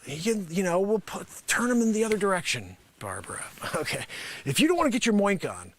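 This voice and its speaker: On a live stream, a man with a high, bright, sharp voice improvises a sarcastic comedy sales pitch at a brisk pace. He rambles through filler phrases, swings wildly up and down in pitch, and jumps into loud, animated outbursts, with no echo in the sound.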